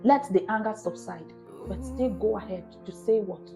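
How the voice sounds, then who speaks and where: A woman's voice: mid-range voice, moderate pace, creaky, music in the background. A young adult woman giving an emphatic, repetitive self-help talk in a preacher-like manner. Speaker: motivational vlogger.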